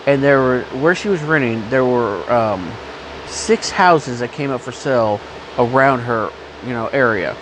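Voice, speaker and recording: Man vlogger, coughing, rambling and blunt, casual profane talk over steady background noise with traffic. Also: mid-range voice, unhurried. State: has a cough.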